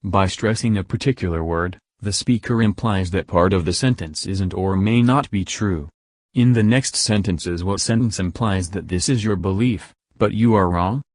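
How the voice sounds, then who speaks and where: Low-voiced man teaching pronunciation. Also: normal speed, a little mellow, no echo, studio quality. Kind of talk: scripted lesson narration.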